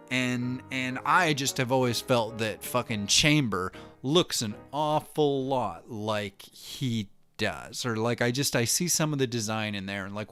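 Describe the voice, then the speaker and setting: A man's voice: mid-range voice, a bit bright. A man hosting a casual comic-book monologue, rambling and swearing heavily as he interrupts himself. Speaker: host.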